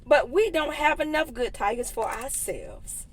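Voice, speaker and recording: A woman's voice: high-pitched, expressive, measured pace, voice pushed up. A woman voicing a silly, literal-minded woman helper in a read-aloud storybook, in a cheerful sing-song tone. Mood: playful.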